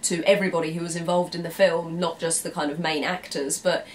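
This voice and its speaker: A woman's voice: fairly low pitch, flat delivery, a little fast, a little hiss or hum. A young English woman vlogging, telling stories casually to camera, laughing often and acting out her own reactions. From England. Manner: chatty, laughs often, acts out quoted reactions.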